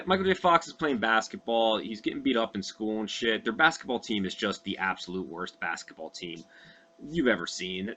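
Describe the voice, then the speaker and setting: A man's voice: lowish voice, sharp tone, slight background noise. A young man casually recounting a movie's plot from memory, loose and profane, full of fillers and asides. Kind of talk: casual rambling recap.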